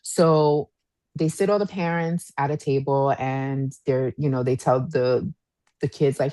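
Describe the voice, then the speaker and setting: A woman in her thirties co-hosting a podcast, telling a story in a casual, animated way and acting out what people said. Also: low-pitched, slow pace, dry recording. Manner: animated storyteller, acts out quotes, says "y'all". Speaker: podcast co-host.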